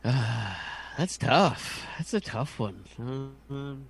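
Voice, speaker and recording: A man's voice: mid-range voice, lively intonation, drawn-out words, vocal fry, slightly rough. A man in casual podcast chat, joking and hesitant.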